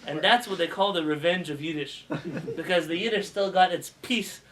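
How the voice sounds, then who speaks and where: A man, a rabbi, giving a casual spoken lesson to students, animated and asking them questions as he goes. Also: high-pitched, moderate pace, a loud crowd, low-quality recording. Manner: animated, demonstrates pronunciations with raised voice; asks students questions as he teaches. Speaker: rabbi teaching a class. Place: classroom with students.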